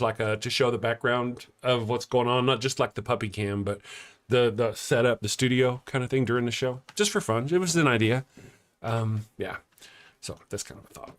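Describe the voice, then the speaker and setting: A man hosting a live morning show, chatting casually and reading out viewer comments in a rambling, jokey way that often breaks into laughter. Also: mid-range voice.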